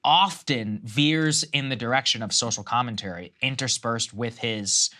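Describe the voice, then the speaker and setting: A man's voice: mid-range voice, moderate pace, sharp tone. A man co-hosting a political news show, reading reports aloud and then riffing with restarts. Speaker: co-host.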